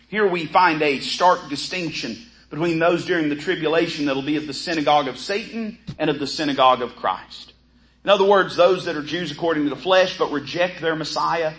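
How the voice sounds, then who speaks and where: Man, high voice, Bible teacher, earnest scripture reading. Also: fairly bright tone, low-quality recording. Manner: earnest, reads scripture aloud with rising pleading emphasis.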